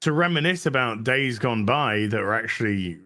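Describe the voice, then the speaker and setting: Lively bright-voiced male host. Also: mid-range voice, moderate pace. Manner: jokey, mimics accents. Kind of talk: casual chat.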